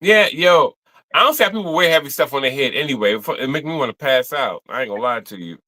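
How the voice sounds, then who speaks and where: A man's voice: mid-range voice, animated, quick pace, sharp tone. A man co-hosting a livestream, chatting casually in slang, laughing and stammering. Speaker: co-host of a livestream watch-along. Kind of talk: casual chat reacting to a livestream.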